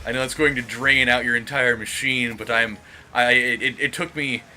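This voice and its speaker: A man voicing a gluttonous man who rambles through an enormous fast-food order. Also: sits high, sing-song, sharp tone, slight background noise, voice pushed up, heavily acted.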